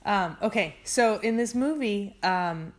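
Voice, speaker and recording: Woman vlogger, casual chatty plot recap, voices the characters' quotes, medium pitch. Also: expressive, slow. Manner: chatty, filler-heavy storytelling with acted-out quotes. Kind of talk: casual movie recap to a sibling.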